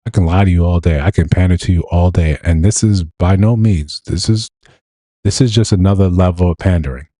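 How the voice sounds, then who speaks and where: A man giving blunt, animated livestream commentary, often mimicking other people in quotes. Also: sits low, brisk, dry recording. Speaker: streamer and commentator.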